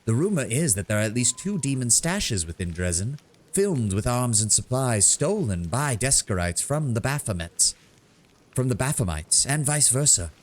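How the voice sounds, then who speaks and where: A man voicing a shrewd, worldly male kobold bard in a video game, speaking in a measured storytelling way. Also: medium pitch, very animated, voice pushed up. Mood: sly. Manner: measured storytelling, grows sonorous and dramatic. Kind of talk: reading game dialogue aloud.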